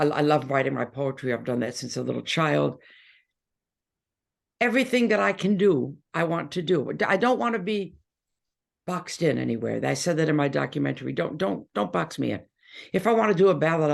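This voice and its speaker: An older woman guesting in an interview, telling lively stories in casual chat and laughing often. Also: very deep voice, gravelly.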